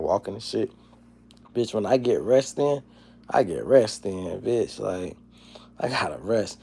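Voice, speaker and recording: A man in his forties hosting a casual livestream, rambling and profane, dropping to low mumbles and then breaking into loud, animated rants. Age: 40s. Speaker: livestream host. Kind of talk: casual livestream chat, reading chat comments.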